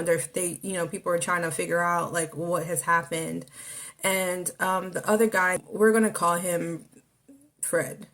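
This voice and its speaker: A woman with a slightly low voice tells a painful story from her own life on her podcast. She speaks haltingly, with frequent fillers and restarts, as she works through the account. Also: fairly bright tone. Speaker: podcast host. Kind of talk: personal testimony.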